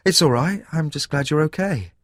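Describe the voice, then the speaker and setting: A man's voice: on the high side, lively intonation, no room sound, clean studio sound, voice pushed up. A man voicing a shy, hesitant young woman. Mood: relieved. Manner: hesitant, halting speech.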